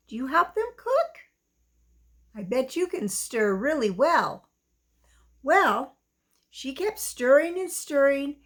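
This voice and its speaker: A woman reading a children's story aloud, gentle and sing-song, talking to young listeners. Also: high-pitched.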